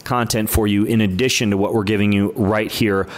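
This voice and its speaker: A man's voice: lowish voice, steady tone, fairly quick. A man hosting a podcast intro, upbeat and teasing his co-host. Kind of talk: casual podcast intro chat.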